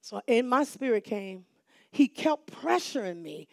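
A middle-aged woman telling a lively, dramatic testimony to a church audience. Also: on the high side, a little slow, creaky, dry recording, clean studio sound. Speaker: church speaker giving a testimony. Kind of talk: animated testimony storytelling.

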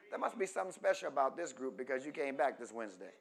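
A man pastor preaching a call-and-response sermon, asking the congregation questions and stretching key words slowly for emphasis. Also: mid-range voice, very animated, creaky. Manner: rises from quiet teaching to loud emphatic preaching.

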